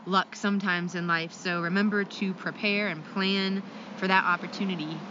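A friendly woman from Ohio co-hosting a casual podcast and reading out listener comments. Her pitch sits mid-range, and the recording sounds dull and lo-fi. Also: steady tone, normal speed, bright, forceful tone, a little hiss or hum. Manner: friendly, giggly, reads listener mail. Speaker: podcast co-host.

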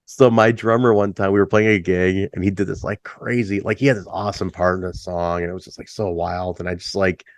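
A middle-aged man in a band, telling stories in a casual chat. He is laid-back, swears freely, says "like" a lot and jumps higher when he acts out a story. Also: steady tone, brisk, hardly any pauses, dry recording. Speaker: band musician, interview guest.

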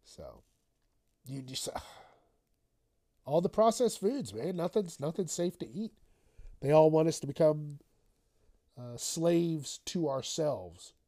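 A man's voice: a little high, lively intonation, takes it slowly, long pauses, mellow. A man hosting a casual solo news podcast, rambling and swearing, often trailing off into mumbles. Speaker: podcast host.

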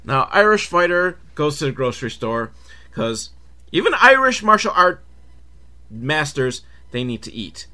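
A man hosting a podcast, riffing through a film recap in a loose, comedic ramble. He drifts off on tangents, corrects himself and curses casually. His bright voice swings up and down a lot. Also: a little high, very animated, a little slow. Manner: rambling, sidetracked, self-correcting, swearing. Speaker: podcast host reviewing films.

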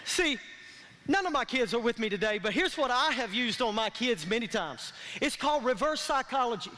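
A man's voice: very high voice, lively intonation, normal speed, bright, forceful tone. A man preaching a sermon as pastor, calling out to his congregation for responses. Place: church sanctuary. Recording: long reverb of a large hall.

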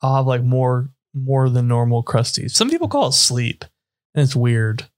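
A man's voice: medium pitch, lively intonation, normal speed, dry recording, clean studio sound. A young man co-hosting a podcast, laid-back and casual in his chat. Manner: laid-back, brief reactions. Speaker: podcast co-host.

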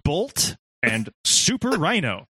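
A man co-hosting a casual movie chat, animated and laughing, with quick impressions. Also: fairly high pitch, breathy edge, no echo, studio quality. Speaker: podcast co-host.

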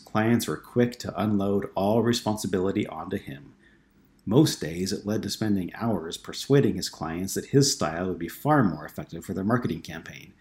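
A man narrating an audiobook in a steady, measured way. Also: on the low side.

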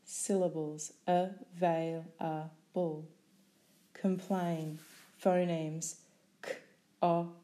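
A woman teaching a spelling lesson, saying each sound and syllable slowly and carefully. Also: on the low side, fairly even intonation, mellow.

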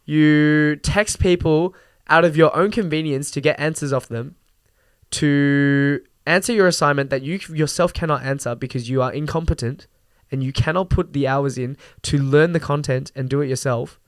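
With a fairly high, clear, resonant voice at normal speed, a young adult podcast host rants casually and animatedly. He swears now and then, laughs often, and fills his speech with fillers, and there is no echo.

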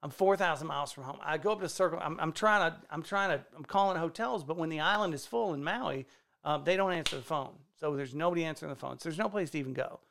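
High gravelly excitable comedian man. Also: quick pace. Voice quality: gravelly, excitable, swears freely. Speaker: stand-up comedian. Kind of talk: casual podcast storytelling.

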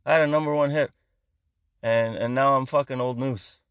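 A man's voice: mid-range voice, fairly even intonation, normal speed, smooth, no echo, studio quality, natural voice. A man voicing a bitter, forgotten male bat who complains about being old news. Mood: aggrieved.

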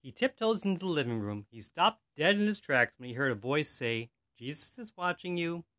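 A man hosting a podcast, telling jokes in an animated storytelling manner. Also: medium pitch, a little fast. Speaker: podcast host. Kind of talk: joke telling.

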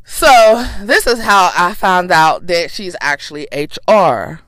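A woman's voice: on the low side, animated, takes it slowly, fairly bright tone, no room sound. A woman podcast host telling a personal story in a casual, sassy, emphatic way, with plenty of swearing.

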